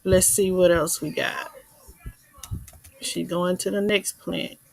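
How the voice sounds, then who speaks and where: A woman's voice: on the low side, flat delivery, takes it slowly, creaky, darkish tone, rough recording. A woman hosting a casual livestream, chatting, reading viewer comments aloud and laughing often. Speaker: livestream host.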